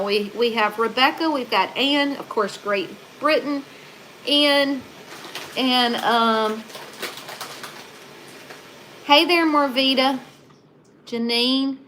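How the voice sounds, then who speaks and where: A woman hosts a relaxed livestream, reading out viewer comments in a chatty, unhurried way. Her voice sits a little high and she drawls slowly. Faint ambient noise hums under her. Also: poor audio. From Southern United States. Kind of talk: casual livestream chat.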